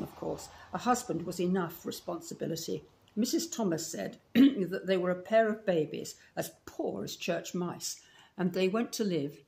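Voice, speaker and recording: A woman's voice: medium pitch, darkish tone, lightly acted. A woman with a Scottish accent reading aloud as a talkative, romantic eleven-year-old orphan girl in a storybook. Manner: gushing, romantic, breathless run-on talk.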